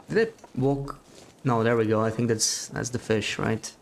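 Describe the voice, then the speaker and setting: A man's voice: medium pitch, steady tone, moderate pace, vocal fry, slight background noise. A man giving live gameplay commentary as a streamer, chatting to his viewers, thinking aloud and laughing often.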